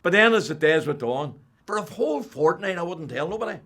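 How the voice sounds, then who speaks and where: An older man with a Northern Irish accent, telling his personal faith testimony as an animated storyteller who drops to a hush and then rises loud. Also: high voice, a little fast. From Northern Ireland. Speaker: testimony speaker.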